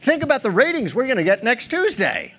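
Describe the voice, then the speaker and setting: A man's voice: very high-pitched, wildly swooping pitch, brisk, fairly bright tone, voice pushed up, heavily acted. A man doing a pushy, eager TV producer. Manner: eager, insistent. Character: excited TV producer, male, pushy.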